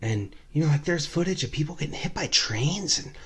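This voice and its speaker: A man's voice: fairly high pitch, animated, a little fast, husky, voice pushed up, exaggerated voice. A man on a storytelling podcast voicing a drunk, chatty woman who rambles dreamily about death. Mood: eerie musing.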